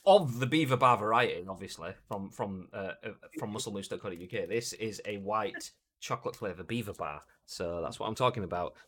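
A man's voice: lowish voice, brisk, few pauses. A young English man hosting a gaming news stream in a casual, jokey chat. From England. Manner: animated, jokey, puts on silly voices. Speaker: gaming news show host.

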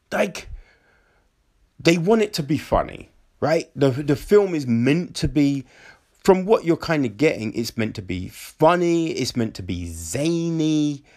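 A man giving a casual, exasperated spoken film review, full of fillers, rhetorical questions and mocking quotes. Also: on the high side. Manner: animated, exasperated, many fillers and mock quotes.

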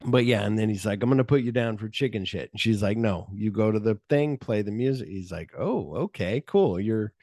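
Low-voiced man recapping a movie. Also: quick pace, few pauses, a little mellow, dry recording, studio quality. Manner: recaps scenes and acts out characters' lines. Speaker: podcast host. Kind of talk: casual movie discussion.

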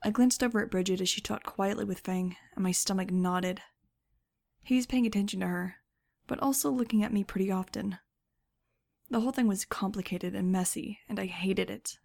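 A woman reads a first-person audiobook with wry, measured storytelling. Her voice sits mid-range with a gravelly fry. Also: mid-range voice, steady tone, darkish tone. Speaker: audiobook narrator.

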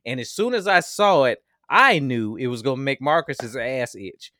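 A man of middle pitch co-hosting a podcast, his voice rising and falling expressively. He chats casually and jokes, recorded with a dry, close sound. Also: expressive, normal speed, sharp tone, dry recording. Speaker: podcast co-host. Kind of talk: casual chat.

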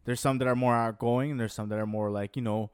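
A man's voice: mid-range voice, fairly even intonation, fast, smooth, dry recording. Rambling man in casual chat, dry sound. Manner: rambling, heavy use of "like" and "yo".

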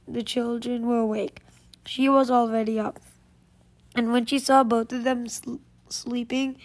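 A woman reading a fairy tale aloud, slow and measured, with small slips and restarts. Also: a little high, a little mellow. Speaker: storyteller.

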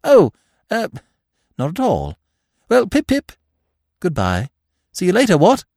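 A man's voice: sits high, huge pitch swings, measured pace, vocal fry, a little mellow, no room sound, studio quality, voice pushed up, exaggerated voice. A man voicing a silly, lovestruck young aristocratic man who chatters in a bumbling, chirpy upper-class way. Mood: chirpy, eager.

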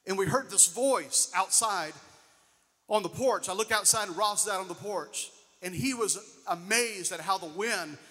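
Male preacher, high bright voice, long hall reverb, questioning congregation. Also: moderate pace. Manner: preaching, rising and falling emphasis, asks the congregation questions. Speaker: pastor. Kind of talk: sermon.

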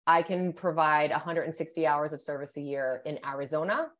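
A woman's voice: low-pitched, brisk. A woman, a sports psychologist, explaining her ideas thoughtfully in a podcast interview, often checking in with "right?" and "you know".

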